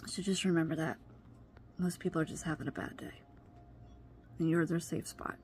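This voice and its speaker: A woman's voice: low voice, steady tone, moderate pace, a little mellow, slight background noise. A woman vlogging in an earnest, reflective way, giving advice and sometimes losing her train of thought mid-sentence. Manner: wandering, loses train of thought. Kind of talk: personal vlog monologue.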